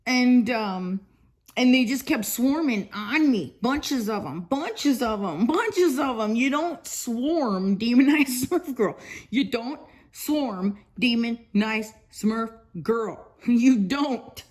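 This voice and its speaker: A woman's voice: a little high, animated, slow pace, a little mellow. A woman in her fifties telling a long rambling story for her vlog, repeating herself, laughing often and swearing bluntly. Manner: rambling, repetitive, laughs often between phrases; blunt and profane. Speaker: vlogger.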